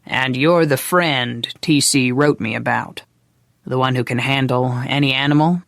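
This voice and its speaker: A reader playing a well-off older gentleman, slow, measured, a bit lower, dry audiobook sound. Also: steady tone, vocal fry, no room sound. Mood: genial. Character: wealthy genteel older man, teasing and genial.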